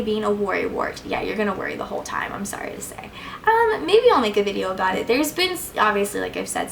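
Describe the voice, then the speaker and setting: A woman's voice: medium pitch, gravelly, fairly bright tone, slight background noise, poor audio. A young woman answering viewer questions in a casual vlog, chatty and gushing, with plenty of "like"s and fillers. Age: young adult. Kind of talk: casual Q&A chat.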